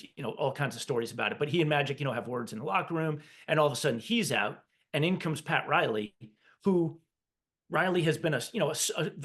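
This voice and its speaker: A man's voice: on the high side, fairly bright tone. A man hosting an interview, asking long questions and correcting himself as he goes. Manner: rambling, self-correcting questions with fillers. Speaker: podcast host, interviewer.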